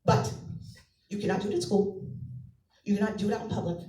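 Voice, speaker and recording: A woman's voice: mid-range voice, steady tone, fairly quick, dark tone, a little hiss or hum. A woman from Massachusetts, a mother of two, telling family stories in a stand-up set and acting out the voices. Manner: chatty storytelling, acts out family voices. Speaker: stand-up comedian. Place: comedy club stage. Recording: echoey club, mic from a distance.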